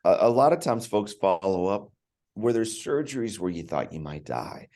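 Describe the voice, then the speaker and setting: A man's voice: on the low side, sing-song, moderate pace, warm tone. A man, a podcast guest, telling a personal story in an earnest, emotional way, often restarting his words. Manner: earnest, emotional, repeats words when starting.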